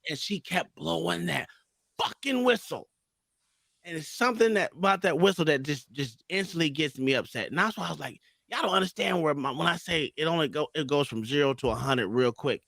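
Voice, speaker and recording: A man's voice: on the high side, animated, fairly quick, creaky, a bit bright, dry recording, studio quality. A man on a podcast, casually telling a story in a profane way and acting out heated quotes. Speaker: podcast co-host.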